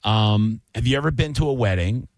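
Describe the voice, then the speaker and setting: A man hosting a radio talk show, ranting casually and jumping into loud, high yells. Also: animated, brisk, no room sound. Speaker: radio host. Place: radio studio.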